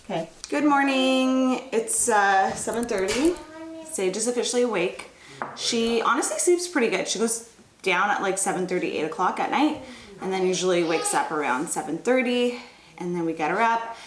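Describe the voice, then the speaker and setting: A woman's voice: medium pitch, animated, normal speed, a crowd in the background. A woman in her thirties, a mother, chatting candidly to a handheld camera in her kitchen, laughing between sentences. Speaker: lifestyle vlogger, mother. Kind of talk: casual vlog narration. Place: home kitchen, indoors. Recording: echoey room with clear background noise.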